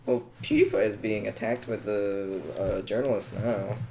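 A man's voice: fairly low pitch, normal speed, darkish tone, slight background noise. A young man co-hosting a podcast, making dry, wisecracking remarks in a casual chat.

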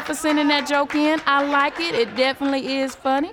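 A woman hosting a show, reading listener jokes and reacting loudly to the punchlines. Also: sits high, animated, normal speed, crowd noise, noisy background. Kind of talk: casual joke reading.

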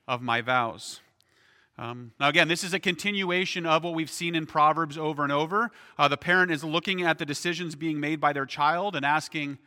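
Bright-voiced man preaching in a hall. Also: fairly high pitch. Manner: conversational preaching with frequent "right?" asides. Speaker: pastor. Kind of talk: sermon.

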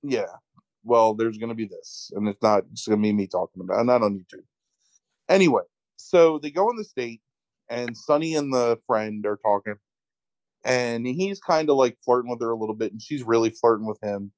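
A man casually recapping a movie plot on a podcast, swearing freely and telling it with lively energy. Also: mid-range voice, normal speed, dry recording, rough recording. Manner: profane, animated retelling with acted quotes. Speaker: podcast co-host.

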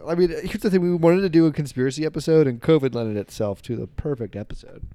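A man's voice: fairly high pitch, quick pace, warm tone, no echo. A man hosting a casual comedy podcast, rambling and laughing easily. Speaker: podcast host.

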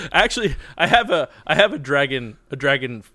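A man's voice: fairly high pitch, big pitch swings, normal speed, bright, forceful tone, no room sound. A man in his thirties, a podcast co-host chatting casually, rambling and self-deprecating with frequent laughs. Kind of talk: casual chat.

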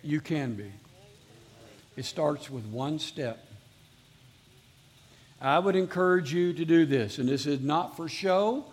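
A man's voice: on the high side, lively intonation, slow, pauses often, slightly rough. Earnest male pastor preaching a sermon. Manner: earnest, repeats exhortations, leads the congregation in responses. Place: church with live congregation.

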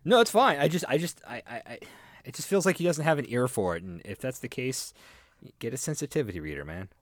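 Opinionated man, thirties, deep-ish and animated, dry close sound. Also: fast, no echo. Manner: opinionated, critiques emphatically. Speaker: podcast co-host. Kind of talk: casual chat.

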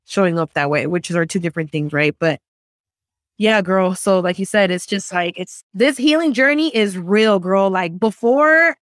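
Young woman, frank and lively storyteller, casual and profane, dry close recording. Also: medium pitch, moderate pace, no echo. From Central American family background. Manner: animated, frank storyteller who swears freely. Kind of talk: casual chat.

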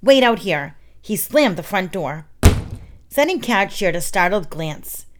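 A woman reading children's stories aloud in a soft, steady narration. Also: on the low side, measured pace, background noise.

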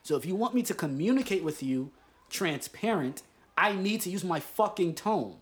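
A man's voice: high-pitched, lively intonation, normal speed. A man co-hosting a podcast, telling a story in a casual, profane and emphatic way while drinking beer. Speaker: podcast co-host.

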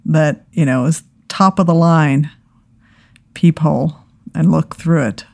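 A woman who is a guest on a podcast, playing along with a comic scenario in a deadpan way. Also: deep voice, slow, vocal fry. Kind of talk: casual comic chat.

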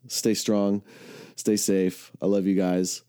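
A man's voice: flat delivery, takes it slowly, clean tone, no room sound, studio quality. A man telling a rambling, profane personal story in casual speech, swearing often and correcting himself mid-sentence. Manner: acts out quoted voices, jumping loud and high for his own retorts.

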